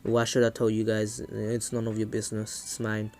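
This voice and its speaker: A man's voice: on the low side, monotone, normal speed, a little mellow, faint music behind, voice pushed down, close to an everyday voice. Naruto, a man doing a cold defiant young ninja.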